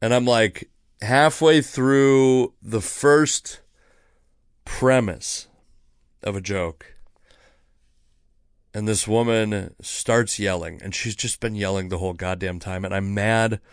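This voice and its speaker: A man's voice: fairly low pitch, takes it slowly, pauses often, smooth, no echo, clean studio sound. A man hosting his own podcast, casually telling a story about a heckler with lots of swearing. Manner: profane, animated storytelling. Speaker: podcast host, comedian.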